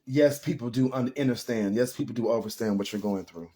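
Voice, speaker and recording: A man's voice: mid-range voice, fairly quick, dark tone. A man giving a casual spiritual tarot reading to viewers, talking in an earnest, emotional and rambling way. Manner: addresses viewers as y'all. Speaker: tarot reader.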